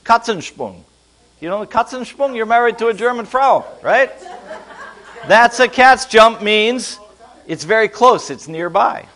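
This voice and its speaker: A pastor preaches a lively sermon to a live congregation in a high, bright, forceful voice. He's animated yet unhurried, playfully quizzing his listeners as he teaches.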